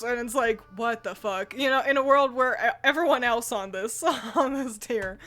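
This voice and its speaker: A woman with a slightly high, fairly bright voice talks at a normal speed with few pauses. She co-hosts a casual chat while editing a tier list ranking anime mascots, giggling often between phrases and rambling with fillers, restarts and the occasional swear word.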